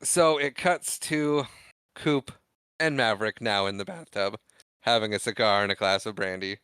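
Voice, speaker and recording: A man's voice: fairly low pitch, normal speed, fairly bright tone, clear, resonant tone, no room sound. A man co-hosting a podcast, retelling film scenes in casual chat and acting out the lines. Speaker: podcast co-host.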